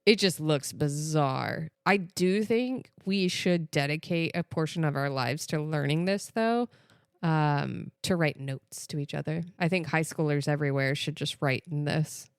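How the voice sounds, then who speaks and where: Low smooth-voiced woman, playful chat. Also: measured pace, no echo, clean studio sound. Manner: chatty, playful, riffs on ideas. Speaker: podcast co-host. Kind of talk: casual chat.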